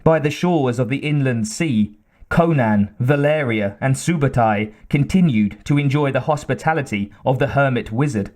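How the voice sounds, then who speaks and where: A man narrating an audiobook in a measured, deliberate reading style. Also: mid-range voice, a little mellow. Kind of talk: scripted narration.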